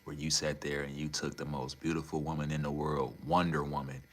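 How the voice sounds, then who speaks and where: Fairly quick in pace, this young livestreamer chats casually and swears freely. He's animated, shifting from low muttering to loud outbursts of incredulity.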